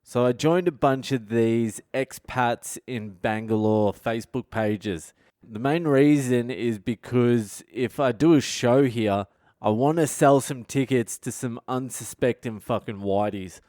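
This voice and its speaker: A man's voice: mid-range voice, measured pace, a little mellow, no echo, studio quality. A middle-aged male comedian telling a story in a blunt, profane, self-mocking way as a podcast host. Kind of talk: comic storytelling monologue. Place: expat in a city abroad.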